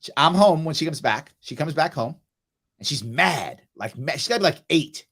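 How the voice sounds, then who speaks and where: A middle-aged man hosting a casual chat, telling parenting stories and acting out quoted lines with loud, animated swings. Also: a little high, moderate pace. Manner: animated storyteller, acts out quoted lines loudly. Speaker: host.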